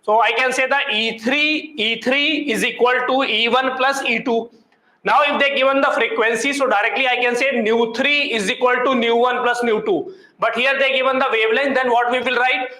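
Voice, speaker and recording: Very high-voiced, bright male teacher. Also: steady tone, moderate pace, echoey room, rough recording. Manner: quizzes students with constant rhetorical questions. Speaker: physics teacher. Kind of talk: classroom problem-solving lecture. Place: classroom.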